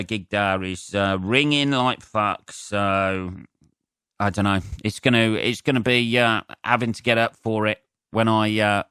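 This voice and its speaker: Snuffly comedian rambling and swearing. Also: male voice, fairly low pitch, bright, forceful tone, clear, resonant tone, no echo, clean studio sound. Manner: rambling, sweary and sarcastic, laughing at his own jokes. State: stuffy nose from a cold. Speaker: comedian and podcast host. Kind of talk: solo podcast monologue.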